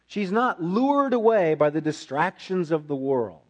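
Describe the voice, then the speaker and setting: A man's voice: on the high side, big pitch swings, unhurried. A man preaching a sermon as pastor, repeating key phrases for emphasis.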